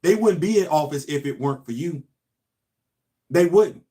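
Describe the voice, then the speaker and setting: An emphatic male commentator, hammering points home through repetition. His voice sits a bit high for a man. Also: animated, moderate pace, mellow. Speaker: host. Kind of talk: casual commentary monologue.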